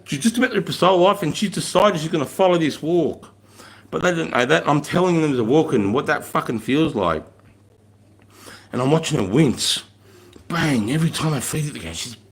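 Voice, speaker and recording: A man's voice: a little high, expressive, normal speed. Blunt, swearing Australian man. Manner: blunt, heavily profane, emphatic. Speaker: former army corporal and instructor. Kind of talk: casual storytelling.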